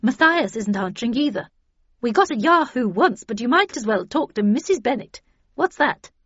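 A woman's voice: a little high, sing-song, normal speed, breathy edge, no room sound, voice pushed up. Woman playing a brusque old spinster. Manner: curt, sharp, dismissive. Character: irascible old car-mad spinster, brusque. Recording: dull dry lo-fi audio.

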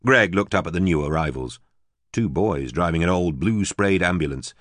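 A low-voiced man works as an audiobook narrator, reading scripted material in a steady, measured storytelling style. The recording is dry.

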